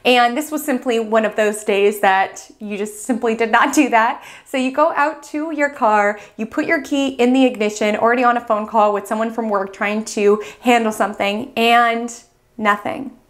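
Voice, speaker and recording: A woman with a voice pitched a little above the usual talks through a weekly astrology forecast. She tells it as a vivid story addressed to the listener, with lively and expressive delivery. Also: normal speed, hardly any pauses. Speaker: astrology host.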